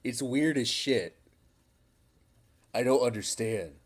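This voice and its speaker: A man talking in loose, crude banter with a lively, bouncing voice that rises and falls freely. He laughs often and swears a lot. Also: mid-range voice, takes it slowly. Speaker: podcast co-host.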